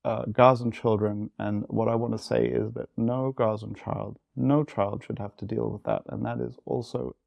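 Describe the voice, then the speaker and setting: Fifties male interview guest, dark gravelly tone, reflective and halting. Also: medium pitch, flat delivery, no room sound. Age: 50s. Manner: candid, halting, with frequent restarts. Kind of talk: reflective personal storytelling.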